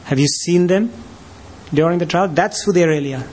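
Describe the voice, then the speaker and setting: A man's voice: fairly high pitch, moderate pace, a little mellow, a little hiss or hum. A man preaching a sermon as a pastor, emphatic and full of rhetorical questions.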